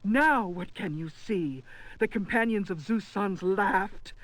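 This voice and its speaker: A performer narrating an ancient myth as a game storybook reading, measured and formal. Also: mid-range voice, a bit bright, dry recording, poor audio. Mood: solemn.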